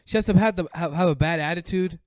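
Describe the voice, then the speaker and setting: A man's voice: high voice, quick pace, no echo, studio quality. A young man co-hosting a podcast, trading playful, teasing banter with friends in casual chat. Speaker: podcast co-host.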